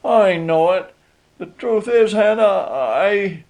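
A man's voice: fairly high pitch, animated, warm tone, voice pushed up. A man voicing a meek, tipsy elderly church elder who speaks sheepishly. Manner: meek, sheepish, slow drawl.

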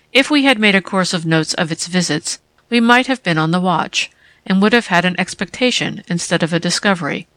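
A woman reading a literary essay aloud in a calm, deliberate way. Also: lowish voice, no echo. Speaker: reader.

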